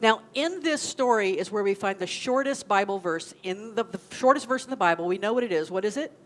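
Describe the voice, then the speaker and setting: A woman's voice: medium pitch, animated, brisk. A woman minister gives a sermon in a conversational way, often asking the congregation questions. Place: church sanctuary.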